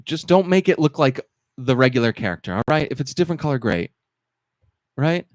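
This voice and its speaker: A man's voice: mid-range voice, sing-song, a little fast, no room sound. A man co-hosting a casual podcast, joking at his own expense. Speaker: podcast co-host.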